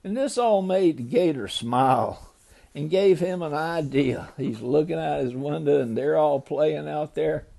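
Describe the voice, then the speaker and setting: Slow, gravelly older grandfather telling a story. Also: on the high side, warm tone. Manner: loose, ad-libbing retelling with small slips.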